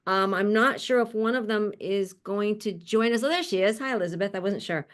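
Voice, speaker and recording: This panel host, a woman with a medium-pitched voice, moves fairly quickly as she introduces guests over a video call. She keeps it friendly and chatty, laughing frequently and adding asides.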